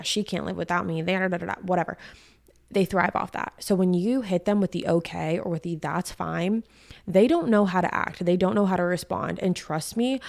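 A young woman hosts a podcast, telling stories in a chatty, slangy monologue. Her voice is on the low side, creaky, and a little mellow.

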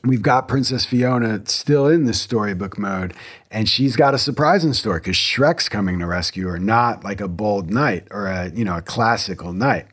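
A man's voice: fairly low pitch, normal speed, fairly bright tone. A man hosting a podcast in casual, rambling chat, full of restarts and little jokes. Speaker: podcast host.

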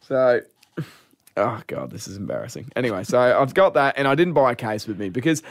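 Australian male co-host, jokey storyteller, animated pitch. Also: brisk, creaky, no room sound, clean studio sound. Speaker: radio co-host. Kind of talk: casual banter.

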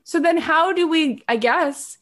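A woman's voice: high-pitched, a little slow, a bit bright. A woman podcast host sharing a personal story openly and emotionally, rambling and using many filler words. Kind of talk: conversational interview.

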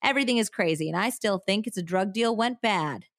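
A woman voicing a gruff, blunt older man with a Southern accent and a folksy drawl. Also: medium pitch, brisk, no room sound, clean studio sound, natural voice. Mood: defensive.

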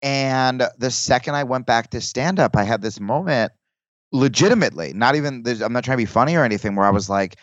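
A male comedian guest chats casually on a podcast, rambling with restarts and acting out quoted lines. His voice is mid-range and a little fast, recorded with no echo but lo-fi sound.

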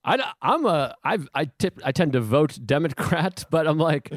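A man's voice: on the high side, animated, normal speed, dry recording. Man, casual chatter, rambling and jokey, dead-dry recording. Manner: rambling, self-interrupting, jokey. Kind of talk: casual chat. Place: home in Queens.

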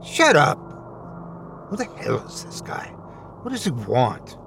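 A shaken grown man, cornered and defensive, speaks in a tense, raised voice, as a man acts him out. His pitch lurches around as he tries to argue away his fear. The delivery belongs to a spoken horror story. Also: big pitch swings, measured pace, fairly bright tone, slight background noise. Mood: rattled. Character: frightened, rattled grown man at a bar.

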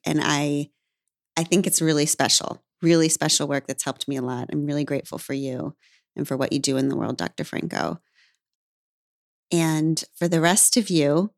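A woman's voice: fairly low pitch, dry recording. Dry-sounding woman podcast host. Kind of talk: casual podcast interview.

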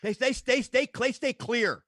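A man co-hosting a comedy podcast, telling a story in an animated, exasperated way. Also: extremely high pitch, a little slow. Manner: animated, exasperated, acts out voices. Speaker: podcast co-host. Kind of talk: comic storytelling.

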